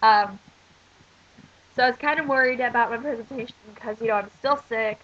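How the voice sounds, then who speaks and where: A teenage girl from the United States vlogs casually while ill as an exchange student, coughing, congested, and rambling in a ranting way full of fillers. She speaks at a moderate pace in a slightly high, somewhat bright voice. The recording is dull and lo-fi, with slight background noise.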